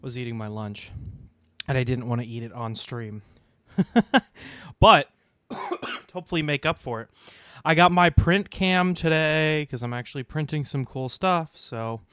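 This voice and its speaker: A young man chatting casually on a game stream, rambling with fillers, clearing his throat and hiccuping now and then. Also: mid-range voice, moderate pace, pushed and bright, no echo, clean studio sound. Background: faint music.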